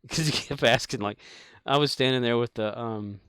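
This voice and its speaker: A man's voice: mid-range voice, normal speed, fairly bright tone, smooth, no echo. A man streaming a game, telling a long casual story in a rambling way with many fillers and chuckles. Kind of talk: casual storytelling while gaming.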